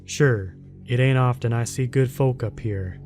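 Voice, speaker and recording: A man voicing a huge, rough male mountain guardian with a deep rumbling voice, a thick rural accent and a blunt, serious, folksy way of talking. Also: measured pace, darkish tone, faint music behind, close to an everyday voice.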